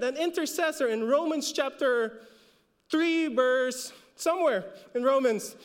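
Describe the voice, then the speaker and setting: A man's voice: extremely high pitch, measured pace, big-room sound. A man with a Filipino accent preaching a sermon as a pastor, repeating words for emphasis and rising when he exhorts. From Philippines.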